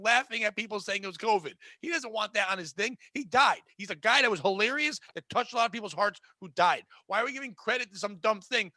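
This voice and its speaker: A man hosting a casual podcast, ranting in profane, fast riffs. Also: sits high, sharp tone, no echo. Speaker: podcast host.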